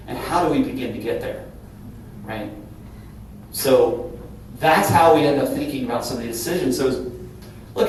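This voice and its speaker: A middle-aged CEO from Cincinnati, Ohio, speaks candidly at a business breakfast in a large event room, his medium-pitched voice a little mellow. Earnest and conversational, he keeps adding "right?" The recording is distant and very echoey with a faint hum, and the audience occasionally laughs.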